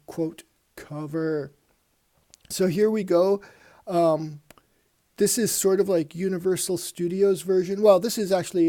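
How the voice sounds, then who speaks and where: A man's voice: high-pitched, dark tone. A man hosting a casual comic book review show, rambling and reading panels aloud in put-on voices.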